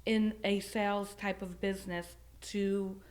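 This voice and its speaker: A middle-aged woman with a Long Island accent, chatting as a podcast guest and telling stories in a lively, talkative way. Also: medium pitch, a little slow. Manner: chatty, animated storytelling. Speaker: podcast guest, real estate agent. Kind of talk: casual chat.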